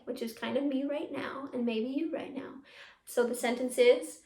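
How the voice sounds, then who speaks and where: A young woman teaching a youth theatre class from home, coaching the viewer through breathing warm-ups and practice lines. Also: fairly high pitch, normal speed. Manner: encouraging, talks straight to the viewer, leads breathing drills. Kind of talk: virtual class to children at home. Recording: echoey room.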